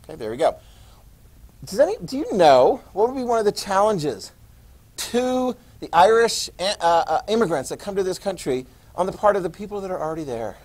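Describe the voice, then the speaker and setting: A man teaching a history class, lecturing lively and quizzing his students as he goes. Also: sits high, a little fast, low-quality recording. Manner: lively, quizzing students and repeating key words.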